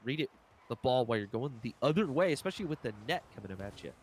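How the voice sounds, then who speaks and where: Male caster, mid-pitched voice, play-by-play esports commentary, excitable jumps, jokey asides. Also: very fast, slight background noise.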